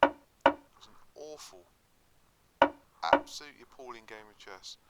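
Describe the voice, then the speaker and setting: Low-voiced man muttering over chess. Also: animated, a little slow. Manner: muttering, self-critical, often under his breath. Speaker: chess streamer. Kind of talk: live commentary while playing online blitz. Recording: loud background noise.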